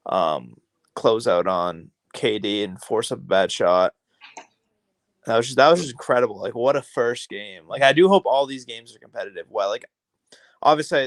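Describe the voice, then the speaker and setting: A man co-hosting a sports podcast, talking casually and excitedly about a basketball game with lots of filler words. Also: fairly low pitch, no room sound, clean studio sound. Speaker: podcast co-host.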